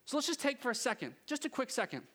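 A man preaching a sermon from a church stage, talking in a lively, joking, conversational way. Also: very high voice, quick pace. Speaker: pastor.

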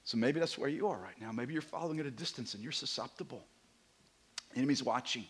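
A man preaching a sermon as a visiting pastor, animated and conversational, sometimes dropping to a hushed near-whisper for emphasis. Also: mid-range voice, fast talker, slightly rough. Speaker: guest preacher.

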